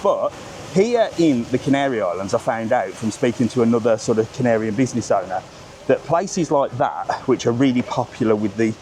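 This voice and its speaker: A man's voice: medium pitch, darkish tone, slight background noise. A middle-aged man vlogging as he walks outdoors, chatty and ranting, swearing freely. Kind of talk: casual walking vlog. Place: outdoors at a seaside market town.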